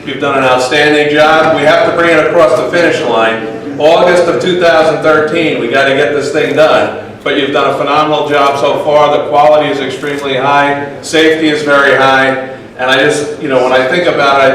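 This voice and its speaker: A man giving a relaxed, upbeat speech to an audience, telling a joke along the way. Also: mid-range voice. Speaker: speaker at worker reception. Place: large echoey reception hall. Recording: echoey hall, mic from far off.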